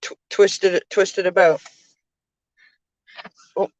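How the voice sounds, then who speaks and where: A woman's voice: mid-range voice, fairly even intonation, very slow, muffled recording. A woman chatting casually from the passenger seat of a moving car, keeping up a running commentary full of fillers. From Canada. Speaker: vlogger, tarot reader. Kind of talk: casual chat while riding in a car.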